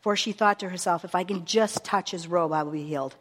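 A woman preacher giving a sermon with a long scripture reading, earnest and measured, stressing her words as she reads aloud. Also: fairly low pitch, a little hiss or hum. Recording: long reverb of a hall.

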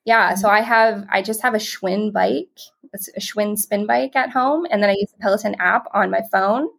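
A woman's voice: medium pitch, steady tone, moderate pace, gravelly, a bit bright, slightly rough. A woman speaking as a podcast guest in a casual, upbeat way. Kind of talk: casual interview talk.

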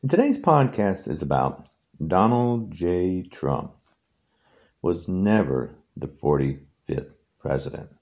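A man's voice: low voice, big pitch swings, slow pace, a little mellow, muffled recording. A man hosting a solo podcast, talking in an emphatic, repetitive, indignant rant. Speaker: podcast host.

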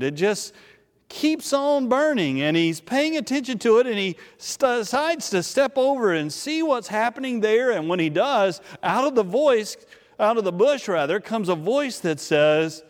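A man preaching a sermon, telling a Bible story in an animated way and often repeating words as he restarts a thought. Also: very high voice, big-room sound. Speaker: pastor.

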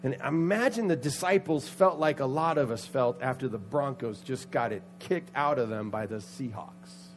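A man preaching a sermon, telling a Bible story with lively acted-out voices and sudden loud outbursts. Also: medium pitch, normal speed, slight background noise. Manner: animated, acts out the characters' voices with loud outbursts. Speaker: pastor.

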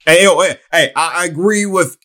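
A man's voice: sits high, normal speed. A man on a sports talk panel, repeating himself and breaking in with "hey". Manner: animated, repetitive, interjects "hey".

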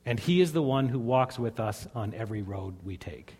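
A man's voice: medium pitch, expressive, normal speed, a little mellow, breathy edge. A man preaching a sermon as a pastor, earnest and conversational, telling stories to his congregation. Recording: long hall reverb.

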